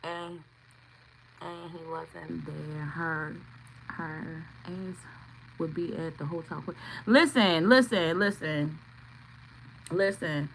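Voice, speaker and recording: A woman's voice: low-pitched, slow, gravelly, long pauses, slight background noise, poor audio. A middle-aged woman, telling a profane, blunt story on a casual livestream and greeting chat viewers by name. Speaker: tarot reader streaming live.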